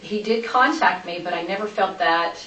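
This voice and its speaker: A woman's voice: on the low side, moderate pace, sharp tone. A woman recounting events to police, chatty and rambling, often switching course mid-story. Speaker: interviewee. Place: interview room. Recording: echoey room, distant mic, light noise.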